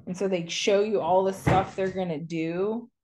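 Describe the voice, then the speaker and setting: A woman's voice: mid-range voice, normal speed, background noise. Rambling, chatty woman podcast co-host. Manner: rambling, animated storytelling with mocking quotes. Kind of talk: casual chat.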